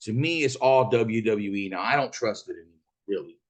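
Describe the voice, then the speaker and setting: Speaking briskly in a lowish voice, this Arizona rideshare driver tells a casual, profane story with lots of energy, performing the other people's lines himself.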